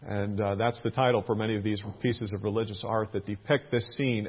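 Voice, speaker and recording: Man, middle-aged, preacher, husky, earnest, tinny narrow sound. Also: fairly low pitch, fairly even intonation, brisk. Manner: earnest, rising emphasis on questions. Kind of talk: expository Bible teaching. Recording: tinny phone-like band.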